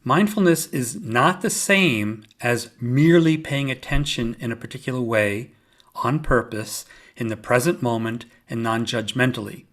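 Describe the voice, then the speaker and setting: A man hosting his own podcast, explaining yoga and mindfulness in a calm, measured teaching voice with gentle humor. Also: mid-range voice. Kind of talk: solo podcast talk.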